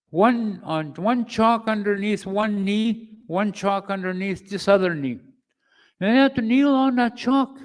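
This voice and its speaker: A man in his later years, his voice sitting high for a man, tells his story at a men's conference. He speaks slowly and with weight, circling back on phrases and acting things out as he goes. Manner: slow, emphatic, with repeated phrases and demonstrations. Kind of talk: personal testimony talk.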